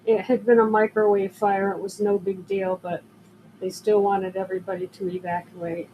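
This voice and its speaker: A woman's voice: medium pitch, little pitch movement, normal speed, dull audio, slight background noise. An older woman selling jewelry on a live stream, telling rambling stories and greeting viewers as they drop in. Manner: chatty, rambling storyteller who greets viewers. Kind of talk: casual live-stream chat.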